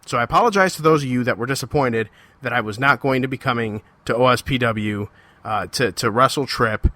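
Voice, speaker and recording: Bright-voiced man ranting on his podcast. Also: medium pitch, fairly quick, no echo. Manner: heated, confrontational ranting; repetitive, emphatic phrasing. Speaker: podcast host. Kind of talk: solo podcast monologue.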